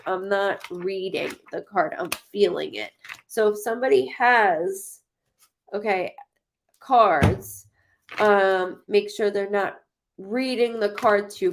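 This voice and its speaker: A woman's voice: medium pitch, a little hiss or hum. A woman psychic chatting casually on a live stream, blunt and repetitive, swearing now and then. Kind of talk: casual live-stream chat reading viewer comments.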